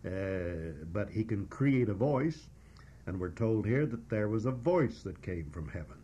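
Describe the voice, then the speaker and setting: A man with a husky, somewhat low voice preaches through a Bible passage verse by verse. He teaches in a measured, emphatic way, stopping now and then with an "uh." The recording sounds dull and lo-fi. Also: lively intonation, dark tone.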